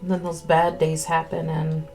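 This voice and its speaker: Woman streamer, low-ish register, candid eating-stream chat, chewing audible, close mic. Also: monotone, normal speed, a little mellow. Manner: chewing between words, candid and rambling. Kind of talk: casual chat while eating. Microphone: close desk mic. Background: faint music.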